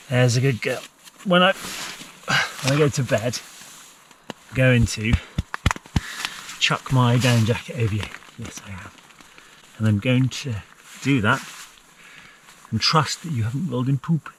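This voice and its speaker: A man talks casually from inside a small tent, often slipping into a fond, sing-song voice for his dog. He sits a little back from the mic, and steady outdoor noise runs clearly under his voice. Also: mid-range voice, measured pace, pauses often, distant mic. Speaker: vlogger. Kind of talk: casual camping vlog. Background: rain and outdoor noise.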